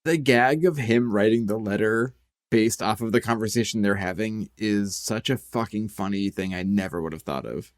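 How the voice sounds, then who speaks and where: A man's voice: fairly low pitch, normal speed. A man co-hosting a podcast in casual chat, musing aloud and swearing casually. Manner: swears casually, muses with many "like" fillers. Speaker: podcast co-host.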